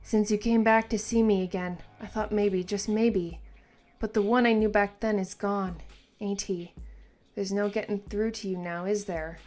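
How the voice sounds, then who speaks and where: A woman reads in the role of a kindly, lonely old man, her tone tender. Her voice is medium-pitched, a little mellow and close to everyday speech, with fairly even intonation and a moderate pace over soft background music.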